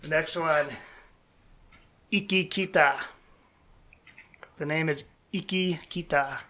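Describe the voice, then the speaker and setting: A man hosting a casual podcast quiz game, reading names out slowly and joking between answers. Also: on the high side, sharp tone.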